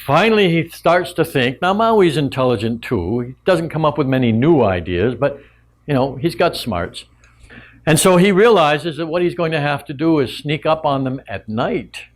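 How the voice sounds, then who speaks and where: A man telling a traditional tale to a live audience in a relaxed, conversational way with frequent asides. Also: mid-range voice. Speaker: storyteller and teacher. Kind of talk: oral storytelling to a live audience.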